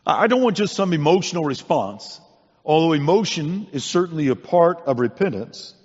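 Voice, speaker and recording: A man's voice: on the high side, very animated, normal speed, breathy edge. Man preaching in an echoey hall. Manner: earnest, conversational preaching with many restarts. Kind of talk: sermon. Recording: dull sound in a long-echo hall.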